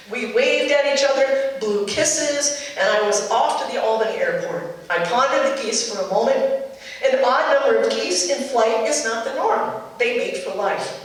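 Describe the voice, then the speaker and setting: A woman's voice: on the high side, far from the mic. Reflective storytelling woman in an echoey room. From Minnesota. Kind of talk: personal storytelling to a live audience.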